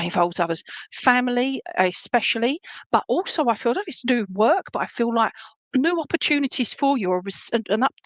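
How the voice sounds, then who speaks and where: A woman's voice: mid-range voice, no room sound. A woman with an Essex accent giving live readings as a medium, chatting casually with many fillers and restarts while she reads viewer comments aloud.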